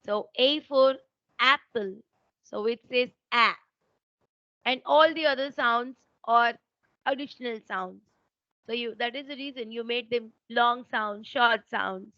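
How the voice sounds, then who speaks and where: A woman's voice: on the high side, measured pace, pushed and bright, dry recording, muffled recording. A woman with an Indian accent, an English teacher explaining pronunciation rules and checking that she is understood. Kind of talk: online teaching exchange.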